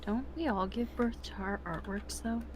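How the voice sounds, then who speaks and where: A woman's voice: medium pitch, normal speed, a little mellow, slightly rough. A woman chatting with a streamer, teasing him with dry banter. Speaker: co-host on stream. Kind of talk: casual chat.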